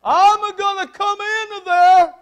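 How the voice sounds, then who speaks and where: A man voicing a strict, gruff older Italian father who shouts in an Italian accent. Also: very high voice, fairly even intonation, voice pushed up, exaggerated voice. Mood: angry yelling. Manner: shouting, drawn-out.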